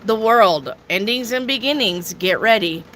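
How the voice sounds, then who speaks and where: Slow-talking bright-voiced woman reading tarot. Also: mid-range voice, lively intonation, slight background noise. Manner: chatty, jokey and offhand, with crude asides. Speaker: tarot reader. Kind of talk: casual live tarot reading.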